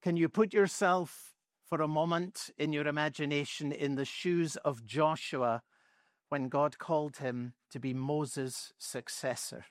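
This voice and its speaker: A man preaching a sermon, with measured delivery and emphatic repetition that lingers over key phrases. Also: fairly high pitch, fairly even intonation, no echo, studio quality.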